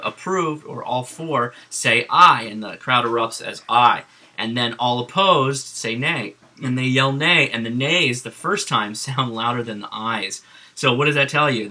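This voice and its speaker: A man's voice: mid-range voice, bright, forceful tone. A man casually recounting a political news story as a vlogger, amused and chuckling, with many fillers. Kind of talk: casual commentary.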